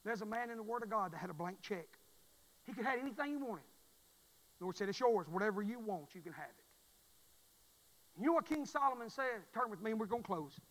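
A man preaching a fervent sermon in a church, repeating his phrases and swelling into loud pleas. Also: sits high, animated, fast talker, in a large hall, rough recording. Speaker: pastor.

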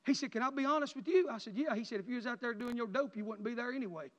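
Guy preaching loud then soft, kinda muffled, big echo in the church. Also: very fast, few pauses. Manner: impassioned, rising to near-shouts then dropping low. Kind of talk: emotional sermon testimony. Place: church sanctuary. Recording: dull sound with long church reverb.

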